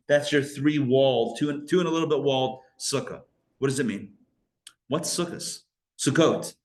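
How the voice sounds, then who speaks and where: A male rabbi teaching a live Kabbalah class, animated, asking rhetorical questions and breaking off his own sentences. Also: mid-range voice.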